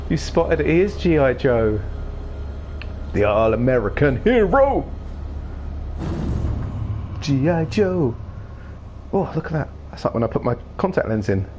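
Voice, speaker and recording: A man chats through a game in a playful, rambling way and keeps joking as he goes. His pitch moves a lot, with a faint hiss in the background. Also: very animated, unhurried, pauses often. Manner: playful, jokey, rambling asides. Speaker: gaming streamer. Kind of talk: casual game commentary.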